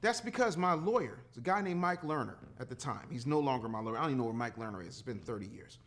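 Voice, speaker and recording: This entrepreneur in his fifties speaks fast at a medium pitch, and his delivery is expressive. Guesting on a casual podcast, he comes across blunt and emphatic, swearing freely and falling into a preacher-like rhythm.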